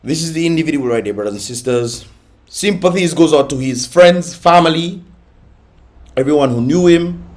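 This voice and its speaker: A man hosting a casual reaction vlog, chatty and laughing often, with Caribbean creole phrasing. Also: fairly high pitch. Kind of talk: casual commentary on viral videos.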